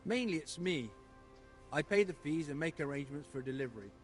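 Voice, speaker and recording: An actor as a plain-spoken builder in a video game. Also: male voice, fairly high pitch, lively intonation, brisk, over loud music, lightly acted. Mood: businesslike. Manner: plain, businesslike answers. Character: man in charge of building supplies, matter-of-fact.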